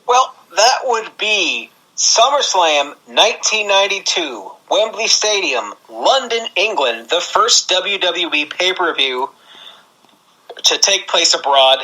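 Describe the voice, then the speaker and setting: A man from Canada, co-hosting a wrestling podcast in relaxed, chatty talk. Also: high voice, slow, poor audio. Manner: chatty, laughing asides. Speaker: podcast co-host. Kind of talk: casual wrestling podcast chat.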